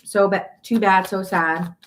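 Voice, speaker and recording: A woman reads tarot in an easy, chatty style, leaning hard on her words and circling back to repeat them. She is blunt and sounds exasperated at times, with a voice pitched in an ordinary middle range. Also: fairly even intonation, measured pace, noisy background. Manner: chatty, emphatic, restarts and repeats phrases; blunt and exasperated, swears in quoted asides. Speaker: tarot reader. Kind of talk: casual tarot reading to camera.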